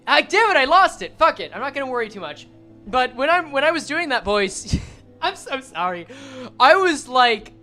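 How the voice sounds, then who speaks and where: A woman's voice: sits high, big pitch swings, bright, forceful tone, soft background music. A woman streamer reading game text aloud and commenting casually, swearing and joking as she goes. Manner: casual, swearing, quick jokes.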